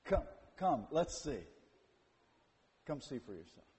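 A man preaching a sermon, retelling scripture with dramatic swings from hushed to loud. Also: on the high side, big pitch swings, slow pace. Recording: long hall reverb.

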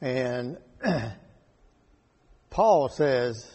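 Slow, husky man teaching Bible study. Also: sits high, lively intonation, darkish tone. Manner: slow and deliberate, rereading scripture verses aloud. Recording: echoey hall with long reverb.

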